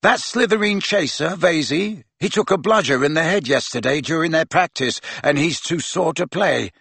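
Man doing a bright chatty teen girl. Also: a little high, moderate pace, creaky, breathy edge, dry recording, voice pushed up, heavily acted. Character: cheerful brisk teenage girl athlete.

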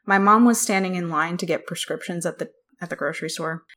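A woman's voice: lowish voice, fast talker. A young adult woman co-hosting a casual podcast, telling stories with lots of laughter and animation. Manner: animated storyteller, laughs often. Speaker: podcast co-host. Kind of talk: casual chat.

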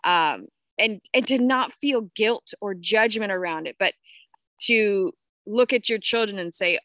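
A woman's voice: medium pitch, measured pace, fairly bright tone, dry recording. A woman in her thirties talking candidly about parenting and spirituality, swearing freely and greeting viewers as she goes. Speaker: podcast host. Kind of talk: casual spiritual live talk.

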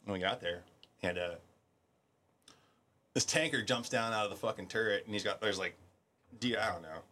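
This middle-aged man has a lowish voice and a moderate pace. He's a veteran guest on a podcast, spinning war stories casually, cursing a lot and acting out the people he quotes with plenty of animation.

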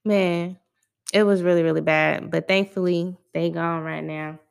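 Slow, smooth-voiced woman podcast host with vocal fry. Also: on the low side, level tone. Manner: laid-back, conversational, loose slangy phrasing. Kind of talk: casual solo podcast chat.

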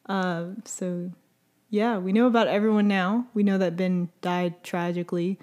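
A young woman co-hosting a casual chat, recapping a series with lively storytelling and acted-out quotes. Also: fairly low pitch, moderate pace. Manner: animated storytelling with laughs and quoted voices. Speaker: podcast co-host recapping a series.

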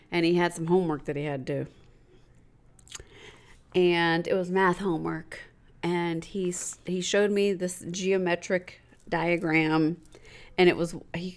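Rambling lower-voiced woman host. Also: fairly even intonation, a little slow. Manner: rambling, restarts sentences. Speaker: podcast host. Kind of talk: casual chat.

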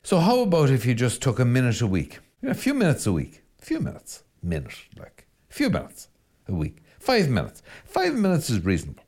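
A middle-aged Irish priest talking on a podcast in a conversational, teasing, exhorting way. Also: male voice, mid-range voice, huge pitch swings, brisk, darkish tone. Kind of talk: podcast talk.

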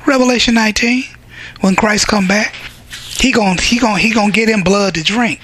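High, bright-voiced fervent male preacher. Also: moderate pace, slight background noise. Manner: fervent, bursts into shouting, dramatizes scripture. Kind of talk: sermon.

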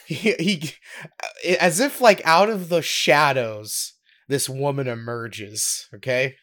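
A young man co-hosting a podcast, telling a story in a casual, giggly, animated way. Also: mid-range voice, takes it slowly. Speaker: podcast co-host.

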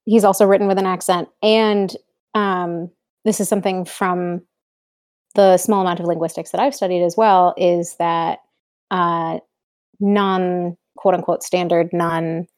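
A young woman with a slightly low, mellow voice talking about books with a friend. She chats quickly and explains through examples and side remarks. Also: steady tone. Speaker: podcast co-host. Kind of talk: casual discussion.

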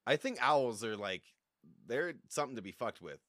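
He is a young man cracking crude jokes on a podcast. His pitch swings widely as he rambles, and the sound is dry and close, with no room around it. The talk is loose, casual banter. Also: very animated, moderate pace, a bit bright, dry recording. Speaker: podcast host.

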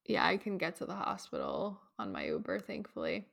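A woman's voice: lowish voice, wildly swooping pitch, a little fast, vocal fry, a bit bright. A woman co-hosting a podcast in a casual, rambling chat, laughing often. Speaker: podcast co-host.

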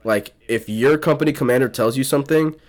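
A young man from South Florida hosts a casual podcast chat. He tells a long, rambling story packed with swearing and restarts, in a voice of ordinary pitch. His delivery stays loose and conversational. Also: brisk. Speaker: podcast host.

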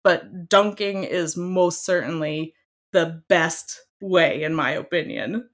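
Brief: young woman, guest in a casual chat, emphatic and lively, slightly low voice. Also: slow pace. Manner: animated, emphatic, laughs often.

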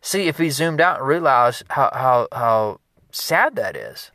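A man, a business consultant, giving an energetic motivational talk in a conversational, repetitive way. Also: mid-range voice, a little slow, no echo, clean studio sound.

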